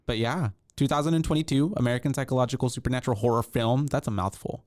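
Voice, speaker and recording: A man's voice: medium pitch, fast talker, a little mellow, dry recording, clean studio sound. A man co-hosting a casual podcast chat, rambling with many ums and restarts. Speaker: podcast co-host.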